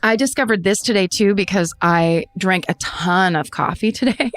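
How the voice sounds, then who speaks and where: A woman's voice: mid-range voice, normal speed, no echo. Laughing, chatty middle-aged woman podcaster. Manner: animated storyteller, laughs often. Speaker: podcast co-host. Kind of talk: casual chat. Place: at home. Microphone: remote video call.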